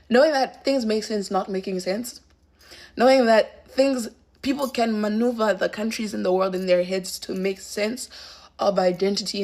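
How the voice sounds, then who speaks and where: Creaky-voiced woman thinking aloud. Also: mid-range voice. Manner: thoughtful, searches for words, repeats herself. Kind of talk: reflective casual talk.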